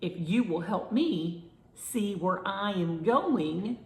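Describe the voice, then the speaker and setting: A woman voicing a cheerful, excitable female beagle puppy, high and bouncy. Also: slow pace. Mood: excited. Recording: roomy echo.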